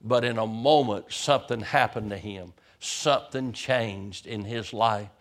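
A man's voice: medium pitch, a bit bright. A man, a pastor, preaching a sermon as vivid storytelling, often stammering over the first words of a sentence.

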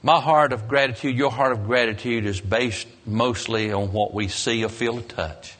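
Preacher guy, husky voice, builds up loud then drops real soft. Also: steady tone, moderate pace. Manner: dramatic storytelling with rising, emphatic peaks and soft low endings. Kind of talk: sermon.

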